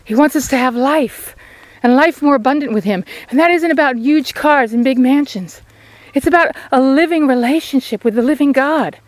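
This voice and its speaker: A woman with a somewhat high voice delivers an outdoor devotional sermon, standing beside a sheep paddock. She speaks in an earnest, pleading manner, urging her listeners. The sound is dry and close, with no echo. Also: moderate pace. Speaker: lay preacher.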